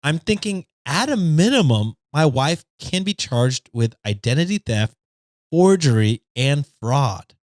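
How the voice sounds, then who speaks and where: Man, podcast co-host, casual story reading, laughs often, lively pitch, dry sound. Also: measured pace, no echo. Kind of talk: casual chat and reading aloud.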